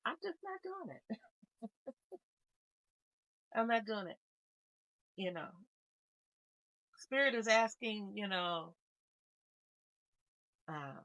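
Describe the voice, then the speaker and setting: A woman reading tarot cards in a calm, unhurried way, her voice low and unrushed. She muses aloud with a melancholy air. The sound is close and dry, with no room around it. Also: dry recording, rough recording. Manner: calm, unhurried, musing with soft laughs. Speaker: tarot reader. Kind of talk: casual spiritual card reading.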